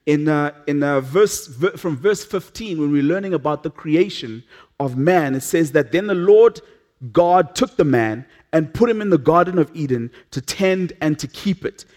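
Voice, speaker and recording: A man preaching in a notably high voice, speaking earnestly to a church service. He stumbles and restarts often, then sinks to a hushed tone to drive a point home. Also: lively intonation, moderate pace. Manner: earnest, with frequent restarts and dramatic drops to a hush. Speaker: pastor. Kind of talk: sermon.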